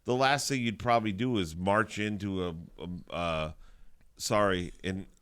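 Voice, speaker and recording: A man co-hosting a morning radio show, bantering in an animated, incredulous way. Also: low voice, measured pace, clean tone. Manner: animated, incredulous, laughs often. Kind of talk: casual banter.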